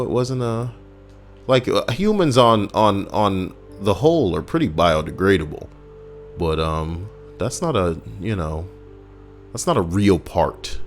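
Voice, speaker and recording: A man with a deep, low voice rambles through casual gameplay commentary, swearing and wisecracking as he reads a list aloud. Faint music plays underneath. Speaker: gaming YouTuber. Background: faint background music.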